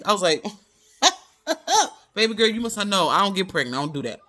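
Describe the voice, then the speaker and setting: A young woman vlogger telling a personal story in a casual, animated way, acting out the people she quotes. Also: medium pitch, a little fast, pauses often. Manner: animated, quotes people in raised voices, drawls "baby".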